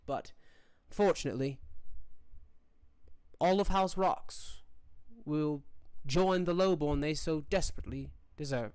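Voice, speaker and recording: A man's voice: a little high, smooth, no echo, close to an everyday voice. A man voicing a cold, haughty female church official who speaks in clipped, formal pronouncements.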